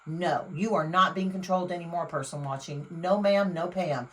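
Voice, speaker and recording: A woman's voice: lowish voice, steady tone, low-quality recording. A woman giving a casual tarot reading, blunt and emphatic, swearing freely and talking straight to the viewer. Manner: exclamatory, quick swings in loudness. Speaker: tarot reader.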